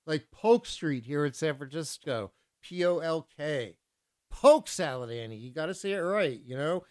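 A man's voice: fairly high pitch, animated, unhurried, darkish tone. A man working as a radio DJ, announcing songs and then ranting indignantly, with a lot of repetition. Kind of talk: casual radio DJ talk.

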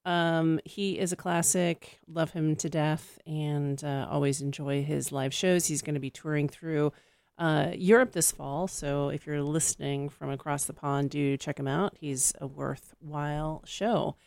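A woman's voice: low voice, fairly even intonation, measured pace, vocal fry, darkish tone, dry recording, studio quality. A woman hosting a casual radio music show, chatting between tracks with fillers and self-corrections.

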